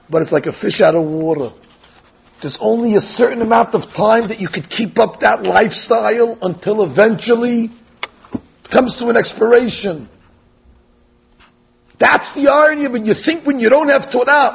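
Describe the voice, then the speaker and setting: A man giving an animated sermon as a rabbi, telling stories and acting out the quotes. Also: high voice, moderate pace, vocal fry, slightly rough, dull audio. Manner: animated storytelling, acts out quotes.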